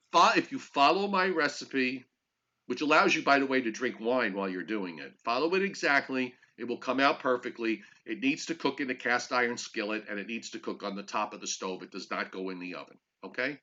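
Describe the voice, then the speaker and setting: An older man co-hosts a casual chat, his bright, slightly high voice rising as he tells a story with exasperated energy. The recording sounds dull and lo-fi. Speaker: co-host.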